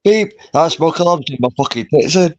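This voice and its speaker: A man's voice: a little high, lively intonation, brisk, a little mellow, dry recording. A man in a casual voice chat, rambling, slangy and swearing a lot. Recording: dull garbled online call audio.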